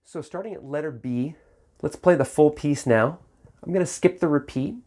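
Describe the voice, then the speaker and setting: A man's voice: on the high side, normal speed, darkish tone, faint music behind. Man, saxophone teacher, video lesson, patient, encouraging, middle-aged. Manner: patient, encouraging, speaks sounds aloud in rhythm.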